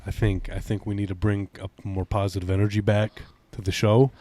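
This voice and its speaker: A man with a fairly low voice talks hesitantly on a podcast, stumbling over fillers as he goes. The sound is dry and close to the mic. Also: little pitch movement, mellow, no echo. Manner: hesitant, halting, many fillers. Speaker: podcast co-host. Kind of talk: casual chat.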